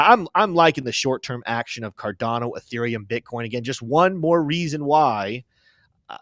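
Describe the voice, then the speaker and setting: A man's voice: medium pitch, a bit bright, dry recording, studio quality. Chatty joking male crypto host. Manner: chatty, joking, self-deprecating asides. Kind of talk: casual live-stream market commentary.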